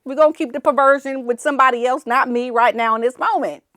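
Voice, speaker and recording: A woman hosts a casual commentary show in a somewhat high voice, recorded close and dry. She talks with animated energy and acts out the people she describes. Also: fast, dry recording. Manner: animated, laughing, acting out quotes. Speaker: commentary channel host.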